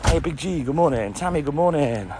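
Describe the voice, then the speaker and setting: A man's voice: fairly high pitch, animated, brisk, background noise. Grumbling, sweary man. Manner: grumbling, sweary, chatting to viewers and his dog. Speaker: livestreaming milkman. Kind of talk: casual live-stream chat.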